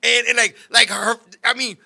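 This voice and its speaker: A man hosting a show, telling animated, profane stories and often shouting as he talks. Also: very high-pitched, normal speed, gravelly. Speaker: show host. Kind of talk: comedic storytelling chat.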